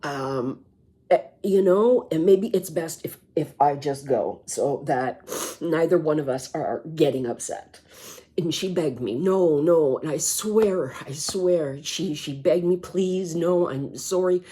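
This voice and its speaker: A middle-aged woman telling a personal story in a vlog, halting and sighing, often restarting her words. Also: low voice, warm tone, husky. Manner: halting, repeats words, sighs. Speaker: vlogger.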